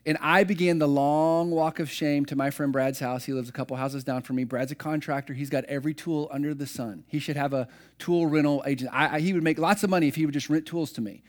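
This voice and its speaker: A man's voice: on the high side, fairly even intonation, fast, few pauses. A middle-aged man preaching a sermon, telling personal stories in a conversational, self-deprecating way. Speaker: pastor.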